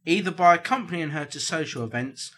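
A man's voice: a little high, lively intonation, fairly quick, a bit bright. A man co-hosting a casual podcast, reading out problem letters with a jokey, laughing delivery.

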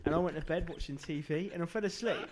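A man's voice: a little high, quick pace. A young man, a co-host teasing his friend with giggles in casual banter.

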